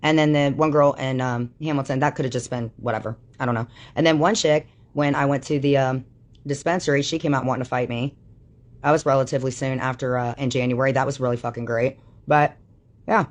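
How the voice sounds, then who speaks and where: A woman's voice: a bass voice, fairly even intonation, a little fast. A woman on a livestream delivering an angry, profanity-laden rant that calls people out. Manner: furious, swearing constantly, calling people out.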